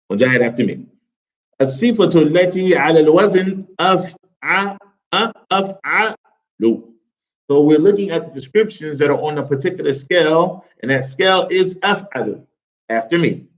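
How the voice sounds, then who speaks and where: A male Arabic teacher leading a classroom grammar lesson, drilling students with call-and-response and tossing in jokes. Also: on the high side. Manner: joking asides. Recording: lo-fi classroom recording.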